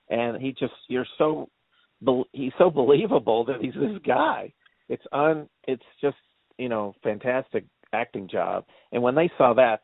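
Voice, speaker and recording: Gravelly man rambling over a tinny line. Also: mid-range voice, no room sound. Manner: rambling storyteller, acts out quotes, laughs often. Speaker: co-host movie reviewer. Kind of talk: casual movie chat. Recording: tinny phone-like line, dry.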